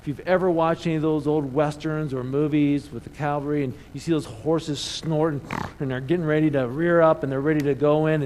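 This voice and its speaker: A man preaching a sermon in church, animated, calling the congregation to answer back. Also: on the high side, fairly quick, few pauses, a little hiss or hum, low-quality recording. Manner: animated preaching with call-and-response. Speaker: pastor. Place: church sanctuary.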